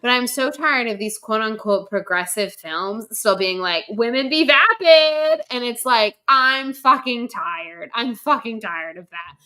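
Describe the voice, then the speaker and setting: A woman's voice: medium pitch, a little slow, few pauses, pushed and bright. A young woman co-hosting a casual podcast, ranting emphatically and swearing freely. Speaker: podcast co-host.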